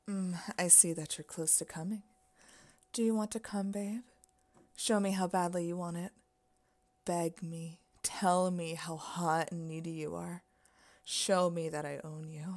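A woman in a whispered role-play as a dominant partner, talking softly and teasingly and giving commands, often dropping into whispers. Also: fairly low pitch, creaky.

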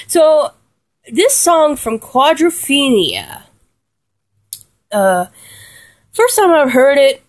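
A woman's voice: sits high, very animated, extremely slow, long pauses. A young woman talking casually and rambling about music she loves, giggling often and restarting her sentences. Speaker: music fan vlogger.

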